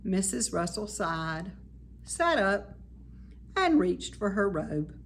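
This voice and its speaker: A woman, a teacher, reading a children's chapter book aloud with expressive storytelling. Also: medium pitch, slow pace, slight background noise.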